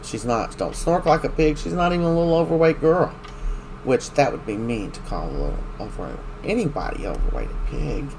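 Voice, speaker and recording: A man's voice: medium pitch, sing-song, fairly quick, gravelly, background noise. A man recapping a soap opera in casual chat, rambling and opinionated as he retells scenes.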